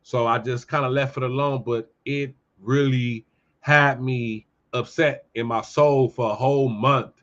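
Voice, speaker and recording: A man hosting his own show, giving a heated, profane commentary monologue and telling animated stories. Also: mid-range voice, unhurried, dull audio. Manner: profane, ranting, animated storytelling. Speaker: podcast host.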